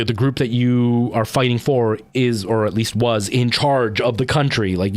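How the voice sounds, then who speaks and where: A man's voice: on the low side, darkish tone. A man in his thirties with a Canadian accent, chatting casually and rambling to his livestream viewers, with lots of ums and restarts. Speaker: streamer.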